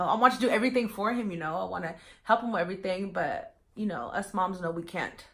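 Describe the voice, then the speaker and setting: A woman's voice: on the low side, animated, fast, fairly bright tone. A young woman vlogger chatting casually to her viewers, full of fillers and often calling them you guys. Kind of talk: casual get-to-know-me chat.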